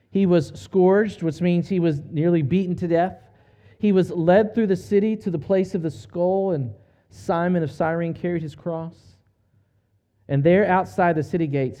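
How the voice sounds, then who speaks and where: A man preaching a sermon, retelling a story in an earnest, measured way with slow, emphatic pauses. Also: on the high side, mellow, lo-fi sound. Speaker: pastor.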